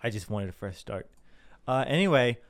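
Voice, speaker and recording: A man's voice: mid-range voice, lively intonation, moderate pace. A young man from Southern Illinois hosting a podcast in a chatty, self-deprecating monologue, full of fillers and swearing. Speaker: podcast host. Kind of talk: casual rambling monologue.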